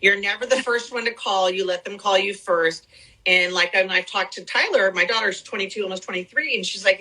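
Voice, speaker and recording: A woman's voice: medium pitch, brisk, pushed and bright, low-quality recording. A woman in her forties chatting casually on a podcast, gushing and enthusiastic, often repeating herself. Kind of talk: casual chat.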